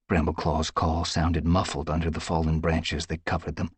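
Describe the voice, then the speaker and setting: Deep husky male audiobook narrator. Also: normal speed, hardly any pauses, dry recording. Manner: expressive, tense storytelling. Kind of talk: dramatic scripted narration.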